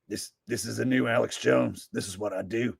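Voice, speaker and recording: A man's voice: mid-range voice, steady tone, normal speed, creaky, breathy edge, no echo, studio quality, pitched below the performer's own voice, heavily acted. A man putting on a mocking parody of a ranting male talk host, whining sarcastically in an exaggerated voice.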